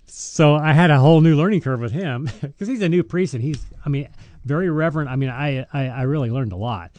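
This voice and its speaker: A man's voice: medium pitch, dark tone. A middle-aged man, a deacon, telling stories in a casual faith podcast chat, rambling with many restarts. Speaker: deacon and show host.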